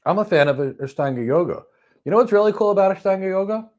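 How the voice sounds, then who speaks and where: A man giving a motivational talk on stress, telling stories with emphatic bursts that drop to soft, calm lines. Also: high-pitched, fast. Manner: animated storyteller, swings from loud emphasis to soft calm. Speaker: host. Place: lives in Florida.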